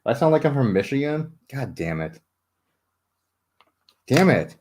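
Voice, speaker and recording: A young man livestreams a casual late-night chat with viewers while building a model ship. His warm, medium-pitched voice swings widely in pitch and runs a little fast as he jokes at his own expense, swears freely, and laughs often.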